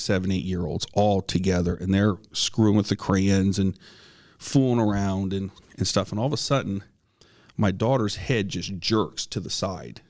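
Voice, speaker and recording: A man with a lowish, slightly mellow voice co-hosts a podcast, sharing a personal ghost story in a casual, earnest way. He restarts often and coughs now and then.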